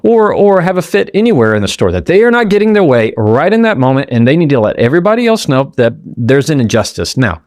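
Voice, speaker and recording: A man's voice: medium pitch, very animated, darkish tone, dry recording, clean studio sound. Emphatic man hosting a motivational podcast. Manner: emphatic, speaks straight to the listener with rhetorical questions; acts out quoted people in quick asides. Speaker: podcast host.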